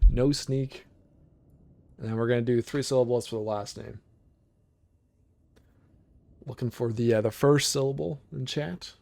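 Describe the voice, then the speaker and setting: A man streaming a video game, chatting casually with his viewers as he picks options. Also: medium pitch. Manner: relaxed, chatty, talks to chat while picking options. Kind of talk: casual game livestream commentary.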